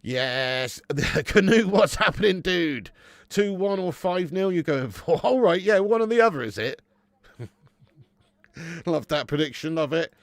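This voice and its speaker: A man's voice: on the high side, animated, slow, no echo, studio quality. A man hosting a football watch-along stream, bantering with chat, swearing and laughing as he reads messages aloud. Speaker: livestream host.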